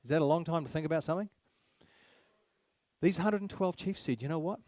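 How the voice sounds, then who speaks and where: A man's voice: a little high, brisk, darkish tone, no room sound. Emphatic New man addressing a crowd. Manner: emphatic, repeats key phrases, fires rhetorical questions at the crowd. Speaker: speaker at a public meeting. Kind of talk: public speech to a live audience.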